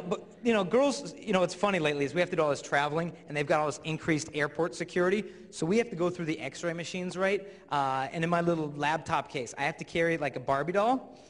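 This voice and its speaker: A man's voice: a little high, fairly quick, fairly bright tone. A young man giving a comedic talk to a live audience in a large hall, acting out characters as he tells his stories. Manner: playful storyteller who acts out characters. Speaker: youth speaker. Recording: reverberant hall.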